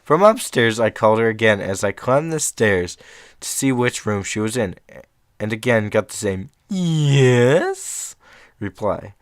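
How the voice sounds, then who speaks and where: A man's voice: on the low side, normal speed, no echo, clean studio sound. Rambling young man reading horror stories. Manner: rambling, self-interrupting, chatty asides. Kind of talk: casual reading aloud with asides.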